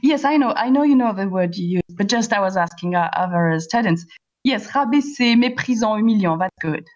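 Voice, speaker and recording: A woman teaching an online class, asking questions patiently and spelling words out slowly. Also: medium pitch, expressive. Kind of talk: online class explaining a play. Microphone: computer voice call. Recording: lo-fi voice-call audio.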